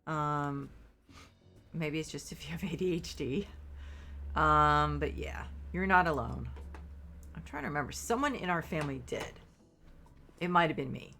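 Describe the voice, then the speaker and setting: Woman, congested, sniffling, gravelly, faint music underneath, rambling apologetic streamer chat. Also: low-pitched, lively intonation, unhurried, long pauses, pushed and bright. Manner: rambling, apologetic, full of fillers. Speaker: game streamer. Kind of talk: casual chat with stream viewers while playing.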